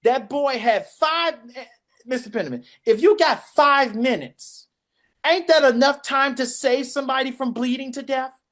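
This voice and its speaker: Dc man telling a story on a podcast, loud and animated, does all the voices. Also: very high-pitched, moderate pace. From Washington, DC. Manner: animated, acts out voices and shouts. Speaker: podcast co-host. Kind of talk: casual storytelling.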